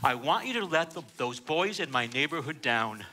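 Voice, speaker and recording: Casting: a man playing a solemn priest, low and earnest, bright edge. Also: expressive, moderate pace. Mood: pleading. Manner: low, grave, earnest pleading. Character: earnest male prison priest pleading quietly.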